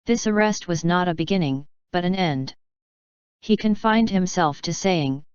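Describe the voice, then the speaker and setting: A woman narrating a classic novel as an audiobook, in a measured, even reading. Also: on the low side, clean tone, no room sound, lo-fi sound.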